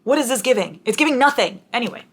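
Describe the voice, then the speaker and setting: A woman's voice: on the high side, animated, quick pace, husky. A young woman chatting casually to camera about books, bubbly and dramatic, now and then breaking into song. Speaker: book vlogger.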